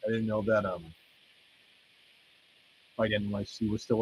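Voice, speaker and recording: A man's voice: on the low side, level tone, unhurried, husky, highs cut off. A man hosting a podcast, chatting loosely and rambling, joking and swearing as he reacts to wrestling results. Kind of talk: rambling casual commentary.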